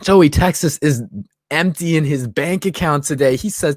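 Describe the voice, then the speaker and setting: A man's voice: fairly high pitch, unhurried, darkish tone, no echo, studio quality. A man in his twenties hosting a casual livestream, a bit tipsy, bantering loosely and reading out chat comments. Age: 20s. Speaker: livestream host.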